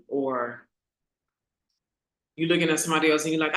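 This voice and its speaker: Bright-voiced woman in an echoey room. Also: low-pitched. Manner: conversational, asks the audience rhetorical questions; repeats key lines slowly for emphasis. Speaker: host. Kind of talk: casual motivational talk to an online community.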